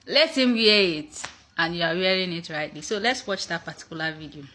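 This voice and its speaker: A woman's voice: fairly low pitch, animated, fairly quick, bright, forceful tone. A woman in casual chat introducing a video, playful and repeating words for emphasis.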